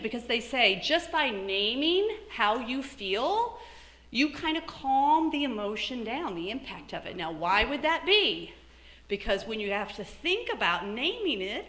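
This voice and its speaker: A middle-aged woman giving a motivational talk as keynote speaker, animated, acting out her own thoughts in lively asides. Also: high-pitched, echoey room. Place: lecture hall.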